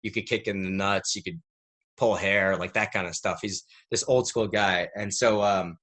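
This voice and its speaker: A man's voice: sits low, moderate pace. A man in his thirties, a podcast guest telling a rambling story in casual interview talk, peppered with "like". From United States. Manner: rambling, animated storyteller who fills with "like".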